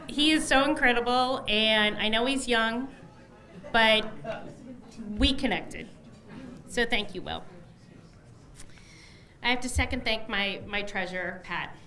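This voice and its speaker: A woman's voice: fairly high pitch, slow pace, long pauses, crowd noise. A middle-aged woman, a newly elected candidate, gives an emotional, effusive election night victory speech at a headquarters party, thanking many people.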